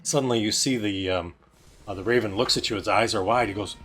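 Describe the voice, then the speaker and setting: A man running a tabletop game as game master, narrating in a casual, halting way. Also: on the low side, a bit bright. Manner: casual, many fillers and restarts. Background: faint music.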